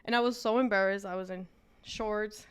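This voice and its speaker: A woman's voice: medium pitch, fairly even intonation, moderate pace, smooth. A woman, a business owner telling her story as an interview guest and switching between English and Spanish.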